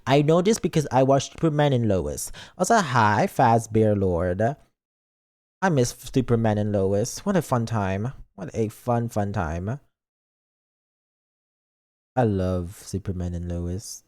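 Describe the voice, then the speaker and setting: A man's voice: fairly low pitch, animated, takes it slowly, a little mellow. A man streaming a game as a VTuber, chatting casually with his viewers in a playful, goofy, mock-defensive way.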